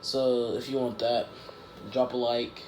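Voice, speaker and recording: A man making up a story on the spot, full of fillers and restarts, in a roomy space with a faint hiss behind him. His voice sits at a middling pitch for a man. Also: little pitch movement, measured pace, darkish tone. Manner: rambling, self-correcting, lots of "like" and "um". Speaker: YouTuber telling a fan story. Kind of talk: casual improvised storytelling. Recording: echoey room with faint background noise.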